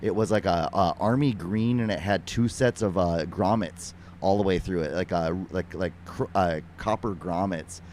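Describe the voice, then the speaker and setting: Deep-voiced man rambling with many pauses. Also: a little mellow, slight background noise. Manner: rambling, halting, lots of "uh". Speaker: podcast host. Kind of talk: casual conversation.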